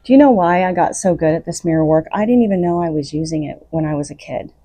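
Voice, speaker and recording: A woman's voice: fairly low pitch, animated, fast talker, mellow, no echo. A woman hosting her own podcast, giving unscripted spiritual self-help talk in an earnest, coaching way. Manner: earnest, coaching, laughs between thoughts. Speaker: podcast host.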